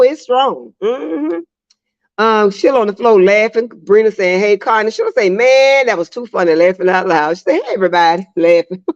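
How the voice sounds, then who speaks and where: A woman's voice: a little high, no echo. A woman hosting a casual livestream, chatting and laughing often as she reads viewer comments aloud. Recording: dry, slightly dull lo-fi sound.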